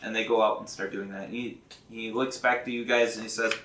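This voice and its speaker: A man running a tabletop game as game master, talking haltingly with many fillers and restarts, and laughing often. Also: lowish voice, flat delivery, fairly bright tone, reverberant, far from the mic, slight background noise. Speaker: dungeon master.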